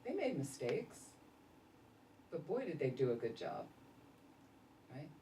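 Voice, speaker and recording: Low-voiced woman giving an animated talk. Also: measured pace. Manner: animated storytelling, laughing often. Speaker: Buddhist nun and teacher. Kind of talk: casual dharma talk. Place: meditation center hall. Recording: roomy echo, distant mic, faint noise.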